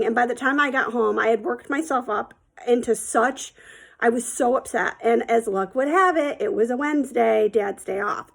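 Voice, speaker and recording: Chatty woman with a gravelly voice. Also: fairly high pitch. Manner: chatty, rambling, many ums and likes. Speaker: storyteller. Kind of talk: casual spoken storytelling.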